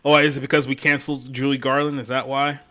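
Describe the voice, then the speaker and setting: A man on a podcast panel, chatting casually with sarcastic, deadpan jokes. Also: mid-range voice, quick pace.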